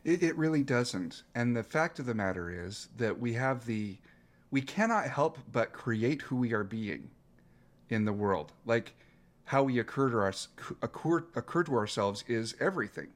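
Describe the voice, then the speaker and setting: Earnest man in his fifties, coach being interviewed, reflective delivery, mid pitch. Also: expressive, normal speed. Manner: earnest, reflective, with frequent restarts. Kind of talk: interview guest telling a story.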